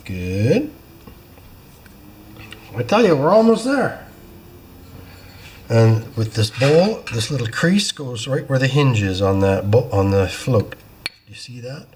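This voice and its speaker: A man with an average-pitched voice chats his way through a small-engine repair in his workshop, explaining each step as he goes. He is easygoing and self-deprecating. Faint clinks of tools and metal parts sit under his voice. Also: big pitch swings, slow pace, long pauses, a little mellow, a little hiss or hum. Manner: self-deprecating, apologetic asides. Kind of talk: casual hands-on repair walkthrough.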